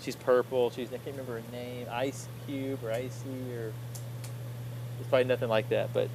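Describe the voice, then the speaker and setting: A man's voice: medium pitch, little pitch movement, normal speed, a little mellow, a little hiss or hum, poor audio. Rambling man chatting about movies. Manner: rambling, self-correcting, upbeat. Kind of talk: casual chat.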